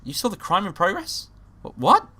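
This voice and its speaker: A man's voice: high voice, wildly swooping pitch, moderate pace, pushed and bright, a little hiss or hum, pitched above the performer's own voice, heavily acted. Man doing a flamboyant show-off hero. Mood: showy. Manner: theatrical, showy, grandiose. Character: flamboyant self-styled male bird hero-detective.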